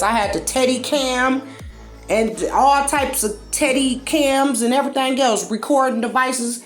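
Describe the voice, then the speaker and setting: A woman's voice: high voice, moderate pace, soft background music. A woman, hosting a casual commentary monologue, blunt and profane, acting out quotes as she tells stories. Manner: blunt, profane, animated storytelling with acted-out quotes. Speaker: commentary host.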